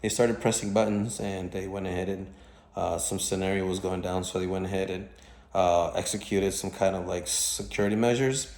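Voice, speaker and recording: Deep-voiced man rambling in an echoey room. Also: steady tone, darkish tone. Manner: halting, many fillers and restarts. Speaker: vlogger recounting dreams. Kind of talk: casual rambling monologue.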